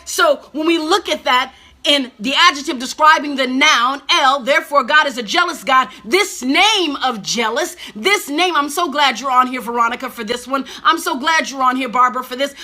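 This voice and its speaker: A woman's voice: high-pitched, pushed and bright. A woman preaching in a live-streamed teaching, fervent and emotional, repeating phrases for emphasis. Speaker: preacher teaching an online Bible study.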